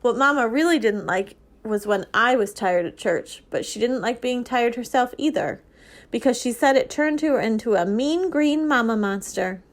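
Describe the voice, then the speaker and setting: A woman, a librarian, reading a children's novel aloud in a steady, expressive way. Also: on the high side, normal speed. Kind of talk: storybook reading.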